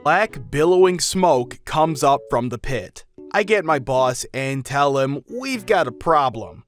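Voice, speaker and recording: A man reading out customer stories in an even storytelling manner. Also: fairly high pitch, takes it slowly. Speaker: narrator. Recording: faint music behind.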